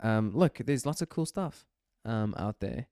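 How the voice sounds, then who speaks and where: Blunt, opinionated man with a smooth voice. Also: lowish voice, lively intonation, measured pace, darkish tone, dry recording, studio quality. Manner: blunt, opinionated, swears casually. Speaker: podcast co-host. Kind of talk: casual chat.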